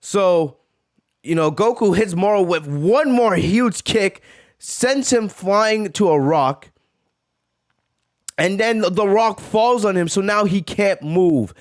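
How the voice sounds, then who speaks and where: Excitable male reaction-video host, casual slang, high and very animated voice. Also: takes it slowly. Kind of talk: live reaction commentary.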